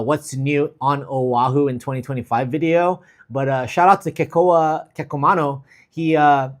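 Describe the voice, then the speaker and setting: A man hosting a travel livestream, chatting casually and reading viewer comments with an easygoing, filler-filled manner. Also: a little high. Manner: easygoing, chatty, many fillers, gives shout-outs.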